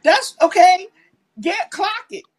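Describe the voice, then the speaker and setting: A woman's voice: very high voice, slow, poor audio. A woman, talking animatedly and emphatically on a casual livestream. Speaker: livestream co-host.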